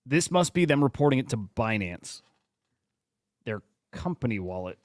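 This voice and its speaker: A man's voice: mid-range voice, big pitch swings, moderate pace, no echo, studio quality. Rambling man hosting a crypto show. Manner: rambling, exasperated, many restarts. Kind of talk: casual livestream news commentary.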